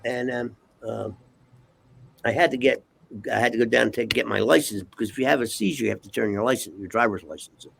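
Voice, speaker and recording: A man telling a profane, animated story as an interview guest, acting out the dialogue. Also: mid-range voice, a little fast, creaky, slight background noise. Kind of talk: casual storytelling.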